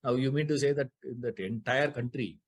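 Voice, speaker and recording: A man with a husky, slightly breathy voice of middle pitch teaches a scripture class. He explains grammar step by step, repeats the key terms, and keeps asking his listeners rhetorical questions. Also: a little fast.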